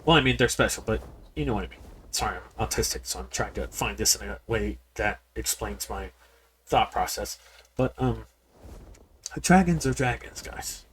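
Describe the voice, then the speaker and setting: This game streamer has a lowish, lively voice at normal speed, giving casual, rambling commentary as he plays, often repeating words and addressing viewers directly. People yell in the background, and there's a faint hiss or hum.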